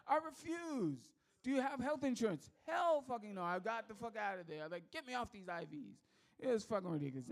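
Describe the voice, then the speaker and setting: A man from Texas doing a rambling, profane, self-mocking stand-up set. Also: very high voice. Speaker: stand-up comedian.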